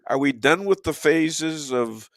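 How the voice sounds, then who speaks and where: Older man, hoarse and gravelly, rambling. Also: on the high side, animated, fairly bright tone, no echo, clean studio sound. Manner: rambling, joking, many filler pauses. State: hoarse, losing his voice. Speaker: show host. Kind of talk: casual talk show chat.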